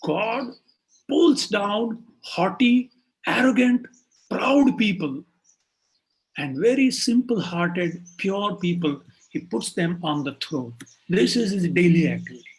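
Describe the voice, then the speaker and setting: A man's voice: high voice, animated, normal speed, rough recording. A man voicing a bold, confident seven-year-old cowherd boy in a spoken sermon story. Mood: proclaiming. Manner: confident, commanding.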